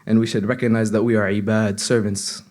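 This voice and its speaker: A man's voice: lowish voice, level tone, a little fast, a little mellow. A young man, a seminary student, gives an earnest, conversational sermon with frequent restarts. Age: young adult. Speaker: seminary student giving a reminder. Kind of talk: informal sermon.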